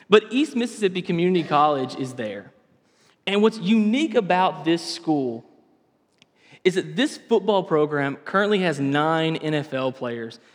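A young man preaching a lesson with a slightly raised voice, chatty and lively, stopping to correct himself as he goes. His words ring out in a large hall with a long echo behind them. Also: on the high side. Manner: animated, conversational, self-correcting. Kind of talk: sermon lesson. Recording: reverberant hall sound.

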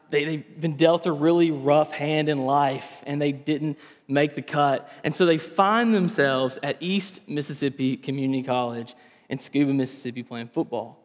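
Animated pastor preaching in a reverberant hall. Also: male voice, fairly high pitch, moderate pace. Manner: animated, conversational, self-correcting. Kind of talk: sermon lesson.

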